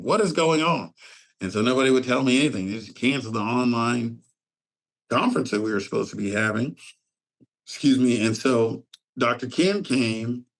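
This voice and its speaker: A man in casual conversation on a podcast, telling a story about organizing a fatherhood summit and acting out the people he quotes. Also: medium pitch. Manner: animated, acts out quoted voices.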